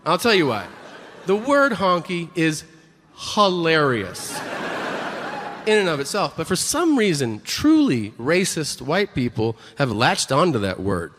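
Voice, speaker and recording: A man's voice: on the high side, very animated, a little slow, a bit bright, big-room sound, slight background noise. A man performing a stand-up comedy set with sarcastic, mock-boastful, profane punchlines.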